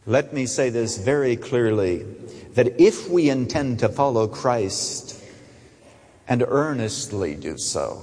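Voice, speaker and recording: A man preaching a sermon, rising to emphatic high phrases and then dropping to soft, quiet asides. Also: big pitch swings, takes it slowly. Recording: long reverb of a large hall.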